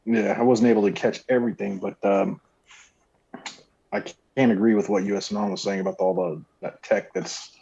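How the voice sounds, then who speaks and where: Male caller, gravelly and husky, lowish voice, muffled lo-fi line, rambling delivery. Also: steady tone, moderate pace, warm tone. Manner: rambling, earnest, low creepy-sounding voice. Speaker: call-in guest. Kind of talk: casual call-in chat. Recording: muffled lo-fi call audio.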